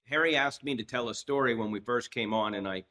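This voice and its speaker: A man in his sixties tells a long story as a podcast guest. He speaks at a middle pitch, restarts his sentences often, and slips into voices when he quotes people. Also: a little fast. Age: 60s. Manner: lively storyteller who acts out quoted dialogue, with frequent restarts. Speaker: trial lawyer, podcast guest. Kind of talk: anecdotal storytelling in a podcast interview.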